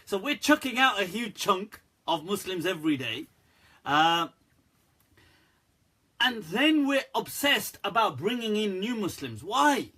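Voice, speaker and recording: A husky-voiced man answers viewer questions on a live stream, bright and forceful in tone. He talks candidly and with animation, often breaking into laughter. His pitch sits a little high for a man. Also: sing-song, unhurried.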